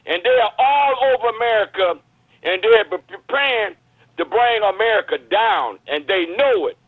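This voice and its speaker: A man calls in to the show over a thin, tinny phone line. His voice sits high, and he preaches his views in an urgent, emphatic way. The sound is dry and close. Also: lively intonation, moderate pace, no echo. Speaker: caller. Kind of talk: impassioned call-in commentary.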